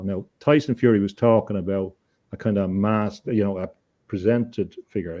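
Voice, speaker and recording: A man, a guest on an interview show, telling a story in an earnest, halting way, often repeating words as he thinks. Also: on the low side, dark tone, dull audio. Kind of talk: conversational storytelling.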